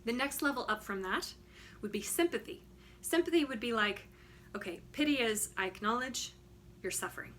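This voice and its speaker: A woman's voice: on the high side, pushed and bright, slight background noise. A woman wellness coach talking casually and frankly to the camera, emphatic and often checking in with "right?". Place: home studio.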